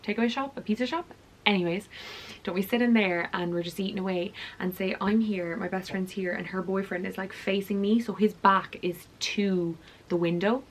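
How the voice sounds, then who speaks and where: A young woman tells a story to camera in a chatty, animated way and acts out the dialogue. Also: mid-range voice, moderate pace. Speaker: vlogger.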